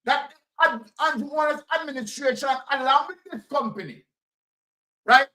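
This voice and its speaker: A man's voice: extremely high pitch, moderate pace, sharp tone, low-quality recording. A Jamaican man giving fiery, repetitive political commentary straight to his audience.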